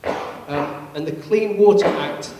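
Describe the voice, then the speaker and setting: A man giving a public lecture, explaining in a measured way with touches of dry humor. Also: a little high, a little mellow, lo-fi sound. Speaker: guest presenter, scientist. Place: large public meeting hall. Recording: echoey hall from far off, faint hum.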